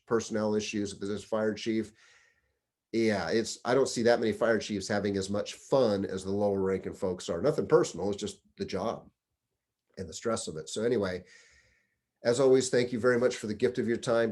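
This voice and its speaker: A man's voice: fairly low pitch, darkish tone. A middle-aged man, a deputy fire chief, giving career advice in a conversational, storytelling way. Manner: conversational storyteller, acts out quoted dialogue. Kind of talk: casual advice talk.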